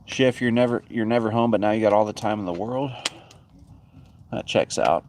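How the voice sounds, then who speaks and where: Outdoors by a backyard bonfire, a man hosts a casual livestream chat on his phone, his voice on the low side and darkish at normal speed. He rambles easily and chuckles often, with slight background noise.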